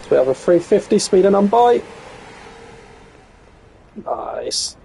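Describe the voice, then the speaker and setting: A man's voice: sits high, sing-song, slow, vocal fry, dark tone, a little hiss or hum, low-quality recording. An English man talking casually to himself and his viewers while live-streaming a train game, chatty and muttering with some swearing. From England. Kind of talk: casual gameplay commentary.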